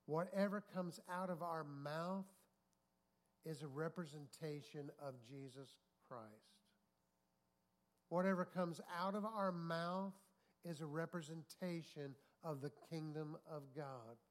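A male pastor preaches with a fairly high voice. He tells stories, acts out what people said and keeps asking the congregation for an amen. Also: slow. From United States. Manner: storytelling, acting out quotes, asking the congregation for amens. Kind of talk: sermon.

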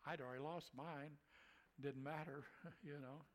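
A man's voice: a little high, fairly even intonation, unhurried, long pauses, rough recording. A man, a preacher, telling a story in a folksy way, chuckling and acting out what people said. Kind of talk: telling a personal story in a conversation.

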